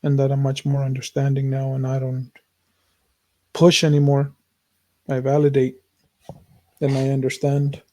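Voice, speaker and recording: A man talking through personal struggles on a podcast in an earnest, searching way, circling back over his points and swearing freely. His voice is dark and mellow, with a flat, even pitch that rarely lifts. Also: unhurried, pauses often. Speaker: podcast co-host. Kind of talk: casual heartfelt conversation.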